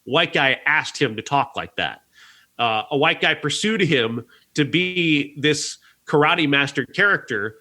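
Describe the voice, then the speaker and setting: A man's voice: fairly high pitch, bright, forceful tone. A man reviewing a documentary on a podcast, talking earnestly and rambling a little, with frequent restarts. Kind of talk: casual review chat.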